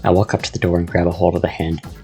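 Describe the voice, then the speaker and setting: A man reading a story aloud in the first person, with a measured, descriptive delivery. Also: deep voice, flat delivery, creaky, mellow, faint music behind. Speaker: narrator.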